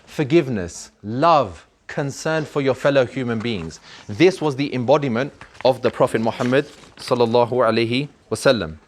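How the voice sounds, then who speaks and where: A man's voice: mid-range voice, normal speed, a little hiss or hum. A man telling a story to children in an earnest, emphatic way, repeating words for effect.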